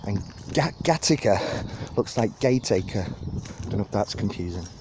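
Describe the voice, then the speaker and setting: A man's voice: lowish voice, expressive, normal speed, noisy background. A man gives a rambling, chatty walking tour of a park, talking into a phone and laughing at his own jokes. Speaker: vlogger giving a park tour. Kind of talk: casual walking tour narration. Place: outdoors in a city park. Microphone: phone held while walking.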